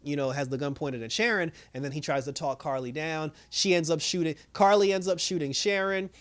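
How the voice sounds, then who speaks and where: A man giving a casual, rambling recap and review of a TV episode, excitable, with lots of fillers and laughing. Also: a little high, brisk. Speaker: show reviewer.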